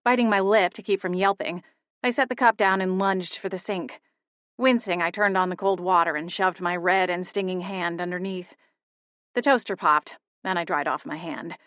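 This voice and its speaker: Young woman, audiobook narrator, first-person, steady intimate delivery, dry studio sound. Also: fairly low pitch, normal speed, dry recording. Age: young adult.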